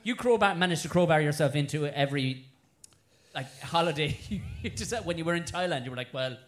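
A man's voice: on the high side, lively intonation, brisk. A man teasing his friends and swearing freely in casual podcast banter.

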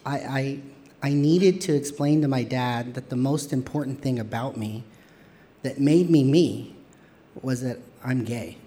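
A man in his thirties from Texas tells a candid personal story on stage. His delivery is wry and animated, slipping into quoted voices, with a mid-range pitch. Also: measured pace.

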